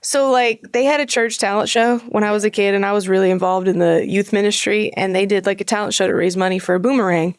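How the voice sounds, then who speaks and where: A woman guest in a casual chat, an animated, playful storyteller. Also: medium pitch, quick pace, hardly any pauses, clear, resonant tone, dry recording, studio quality.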